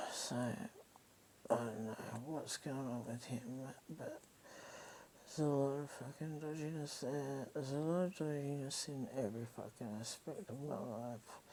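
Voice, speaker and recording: An Australian woman recounts her story in a slow, unhurried way. Her speech is profane and rambling, full of raw feeling. A faint hiss sits under the recording. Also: rumbling low, low-quality recording. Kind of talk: casual storytelling monologue.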